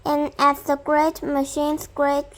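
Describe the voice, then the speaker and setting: A young girl reading a children's storybook aloud, slowly and haltingly, stumbling and restarting on words. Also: high voice, completely flat delivery. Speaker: reader.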